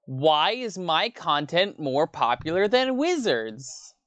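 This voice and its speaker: A man doing an impression of a male online card-game professor, in a slow, drawn-out, mock-solemn delivery. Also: a little high, big pitch swings, fairly bright tone, no room sound, pitched above the performer's own voice, heavily acted.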